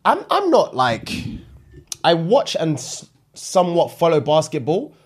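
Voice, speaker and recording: A young man, co-hosting a casual podcast, backing his friend up and telling a story with lively emphasis. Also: a little high, measured pace, husky. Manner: supportive listener, lively storytelling. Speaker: podcast co-host. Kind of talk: casual chat.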